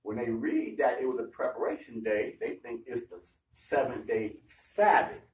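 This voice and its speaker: A man's voice: mid-range voice, very animated, moderate pace, darkish tone, distant mic, slight background noise. A man leading a Bible study. He speaks emphatically in slang and acts out the people in the story. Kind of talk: animated sermon-style Bible teaching. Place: gathering room. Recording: echoey room, heard from afar.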